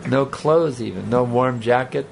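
Speaking at a measured pace in a gravelly, mid-range voice, a spiritual teacher rambles conversationally before a live audience, joking and bantering as he preaches. There's slight background noise.

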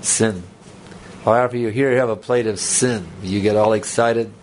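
A man's voice: on the low side, steady tone, moderate pace, slight background noise. A man giving a spiritual talk to a live audience in a conversational, rambling way, with joking asides. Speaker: spiritual teacher. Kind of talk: sermon with audience banter.

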